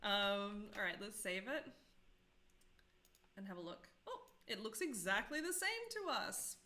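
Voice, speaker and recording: A woman's voice: medium pitch, sing-song, a little slow, bright, forceful tone. A woman in her thirties teaching a live-streamed coding tutorial, chatty and self-deprecating, often asking viewers questions.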